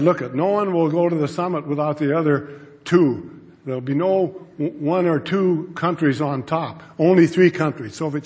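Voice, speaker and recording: A man giving a storytelling talk to an audience, acting out the dialogue of his anecdotes. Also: a little high. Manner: animated, acts out quoted dialogue. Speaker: speaker telling a story to an audience. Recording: long reverb from a large hall.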